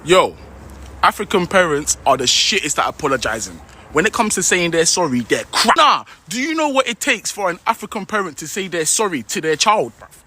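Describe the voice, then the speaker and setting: A man's voice: sits high, big pitch swings, brisk, sharp tone, slightly rough. A man doing a slangy, mocking comedic monologue. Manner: slangy, mocking, punchy delivery.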